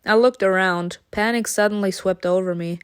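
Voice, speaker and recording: A woman reading an interactive story game aloud, narrating dramatically and breaking into giggles and excited comments. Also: medium pitch, normal speed, clear, resonant tone, no room sound, studio quality.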